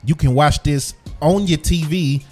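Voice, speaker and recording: A man's voice: fairly high pitch, measured pace, mellow, faint music behind. A man hosting a sports podcast in a loose, casual chat style, repeating himself, chewing gum as he talks. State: chewing gum while talking. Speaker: podcast host.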